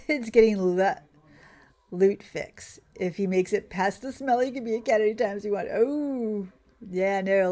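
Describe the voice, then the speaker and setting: Woman streamer, chatty ranter who trails off mid-thought, mid-range voice. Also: a little mellow. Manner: ranting, loses her train of thought, mimics others in a higher voice. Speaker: gaming streamer. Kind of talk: casual rant while playing.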